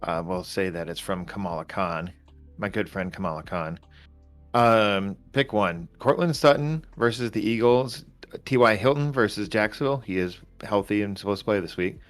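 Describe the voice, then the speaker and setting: A man co-hosting a casual fantasy sports show, joking and animated. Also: on the low side, normal speed, dry recording, soft background music. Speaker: co-host. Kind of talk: casual chat.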